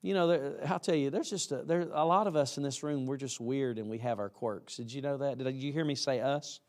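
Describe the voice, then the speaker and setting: A man's voice: medium pitch, brisk, a little mellow. A man preaching a chapel sermon to college students in a folksy, emphatic way, acting out what students say.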